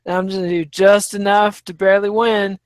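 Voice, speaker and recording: A man's voice: high voice, flat delivery, a little fast, smooth, no room sound. A man co-hosting a podcast in casual banter, blunt and crude with a joking edge. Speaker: podcast co-host.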